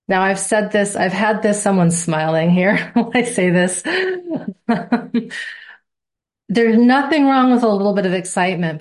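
A woman instructor talking to her students in a live online class, with a playful, reassuring manner. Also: medium pitch. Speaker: course instructor.

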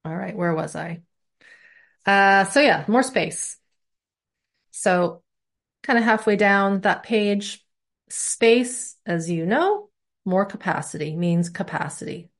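A woman's voice: medium pitch, slow pace, pauses often. A woman teaching a body-awareness class in a conversational way, explaining ideas through everyday examples. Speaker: somatic teacher.

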